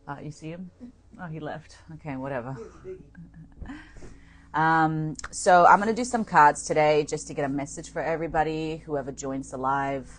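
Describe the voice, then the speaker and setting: A woman with a low voice hosts a meditation live stream in a loose, chatty way. She laughs easily and speaks into a tablet's microphone, with soft music faintly behind her. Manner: chatty, laughs often, relaxed. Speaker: meditation host. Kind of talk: casual live-stream chat.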